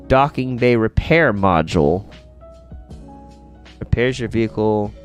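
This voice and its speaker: Man, casual game-stream host, animated rise and fall in his voice, chatty, thinks out loud, faint music underneath. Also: mid-range voice, a little slow. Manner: chatty, thinks aloud while playing and answers viewers. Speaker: streamer hosting a faith-based gaming stream. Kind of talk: casual live-stream chat while gaming.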